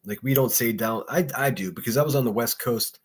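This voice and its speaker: A man's voice: medium pitch, brisk, slightly rough. A man from Pittsburgh with a faint Pittsburgh accent, hosting a casual solo livestream and chatting with chat in a rambling, profane way. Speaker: livestream host.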